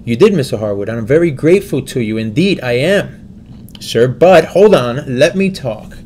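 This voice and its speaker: A man voicing a kindly, fatherly old male stock trader who speaks slowly and earnestly. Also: mid-range voice, animated, darkish tone, a little hiss or hum, close to an everyday voice.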